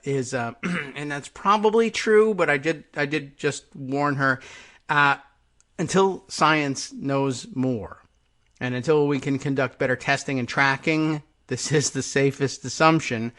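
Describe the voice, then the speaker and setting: A man hosts a live political talk radio show, musing sarcastically in a rambling, hesitant monologue. His voice is fairly high and fairly bright.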